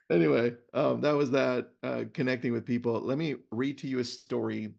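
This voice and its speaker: A middle-aged man hosts a webinar in a relaxed, chatty way and tells stories with lively animation. His voice has a gravelly, creaky edge at a mid pitch. The sound is muffled and lo-fi, as on a video call. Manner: animated storyteller. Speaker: webinar host. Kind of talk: casual webinar chat. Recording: muffled lo-fi web audio.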